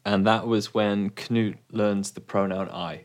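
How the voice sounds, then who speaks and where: A man's voice: on the low side, steady tone, measured pace. Brief: male podcast host, casual book chat, stumbling restarts, dry humor. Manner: hesitant, repeats words, dry humor.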